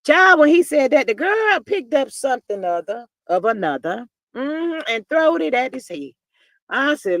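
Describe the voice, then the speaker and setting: A woman hosting a casual gossip livestream, telling stories in a folksy, animated way and reading viewers' comments aloud. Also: sits high, normal speed, no echo. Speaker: livestream host.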